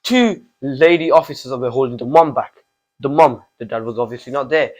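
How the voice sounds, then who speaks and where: With a mid-range, somewhat dark voice, a fifteen-year-old channel host speaks animatedly at a moderate pace, making an impassioned opinion monologue loaded with repeated rhetorical questions. The recording is poor.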